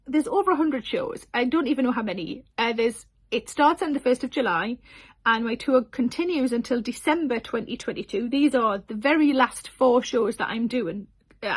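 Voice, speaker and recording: A woman in her forties chatting casually to camera about her tour dates, giggly and full of self-deprecating asides. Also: high-pitched. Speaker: comedian announcing tour dates.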